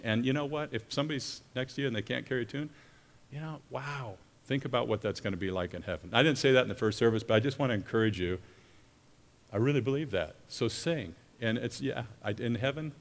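A man preaching a sermon in an earnest, halting way, often breaking off and restarting his sentences. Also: mid-range voice. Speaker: pastor or worship leader. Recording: long reverb of a church hall.

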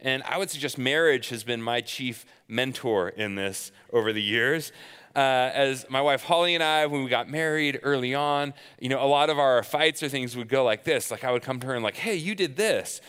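A man in his thirties gives a sermon in a relaxed, conversational way and mixes in personal stories told with gentle self-deprecating humor. His voice is smooth and resonant at a middle pitch. It carries with a long reverb, as in a large sanctuary. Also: normal speed. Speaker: pastor.

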